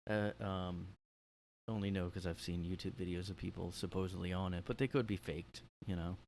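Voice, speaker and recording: A man's voice: sits low, steady tone, brisk, darkish tone, a little hiss or hum, low-quality recording. A man hosting a solo comedy podcast, talking in a tired, rambling, laid-back way. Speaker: podcast host.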